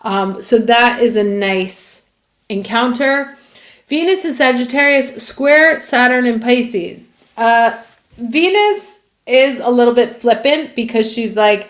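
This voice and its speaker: A woman's voice: a little high, takes it slowly. A woman astrologer giving a chatty, casual monthly horoscope reading that runs through dates.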